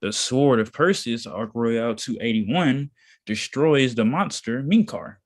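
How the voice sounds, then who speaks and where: A man reading a text aloud slowly and deliberately, pausing now and then to comment. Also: medium pitch. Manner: slow, deliberate reading with pauses. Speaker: reader in a study session.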